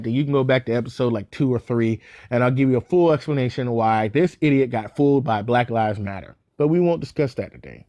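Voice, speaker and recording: Young male podcast host, mid-pitched, blunt and sarcastic, close and dry on the mic. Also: no echo. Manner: blunt and sarcastic, with frequent fillers and restarts. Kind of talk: opinionated solo podcast commentary.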